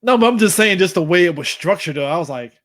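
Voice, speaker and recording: A man's voice: sits high, lively intonation, fast talker, fairly bright tone. A man co-hosting a casual fan podcast, laid-back, laughing and swearing as he quotes characters. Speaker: podcast co-host.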